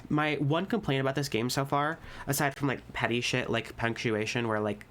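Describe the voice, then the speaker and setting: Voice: medium pitch, steady tone, normal speed, a bit bright, slight background noise. Rambling casual game reader. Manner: rambling, casual, lots of restarts. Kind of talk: reading a fan dating sim aloud with commentary.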